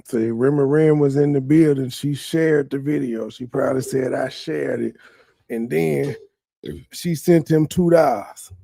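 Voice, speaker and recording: A man's voice: medium pitch, measured pace, vocal fry, warm tone, dry recording. A man commenting sarcastically over someone else's stream, mocking the story. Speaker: livestream commentator.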